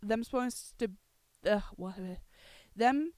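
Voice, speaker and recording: A woman hosting a podcast, ranting heatedly, swearing freely and breaking into shouts. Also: on the high side, slow, dry recording. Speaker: podcast host. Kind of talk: casual ranting commentary.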